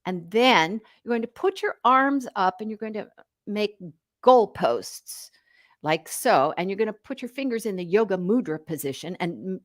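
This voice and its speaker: Woman voice coach, lively swooping pitch, dry close sound, video call from home office. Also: dry recording. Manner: animated, demonstrative, coaching. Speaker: voice and speech coach. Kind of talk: casual video chat.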